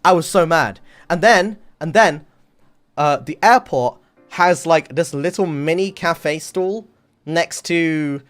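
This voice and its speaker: A man streaming, telling a story in casual chat, animated and swearing often, acting out the people in it. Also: on the high side. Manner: animated, swears a lot, acts out voices in the story.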